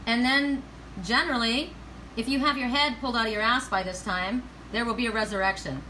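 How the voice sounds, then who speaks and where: A woman's voice: on the high side, fairly even intonation, brisk, sharp tone, a little hiss or hum, poor audio. A woman giving a live oracle card reading, chatty and emotional, breaking into bits of songs.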